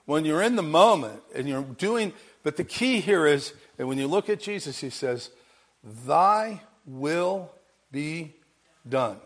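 A man preaching a sermon with emphasis, repeating his phrases and swinging from quiet to loud, laughing now and then. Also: fairly high pitch, expressive, moderate pace, few pauses.

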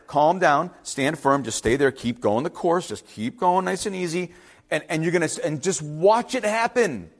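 High-voiced animated male preacher. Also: moderate pace. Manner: animated, acts out quoted voices, conversational asides. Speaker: pastor. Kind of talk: sermon.

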